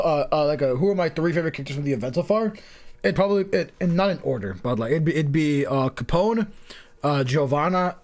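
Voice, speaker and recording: A man streaming a game story, chatting casually, rambling and breaking off mid-sentence. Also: on the high side. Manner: rambling, self-interrupting and laughing. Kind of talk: casual live-stream chat.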